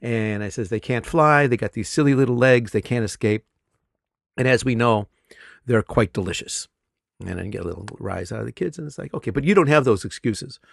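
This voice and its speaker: A middle-aged man, a teacher, telling classroom stories in casual conversation, animated and laughing often. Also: on the low side, fairly quick, gravelly, no room sound, clean studio sound. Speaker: English teacher.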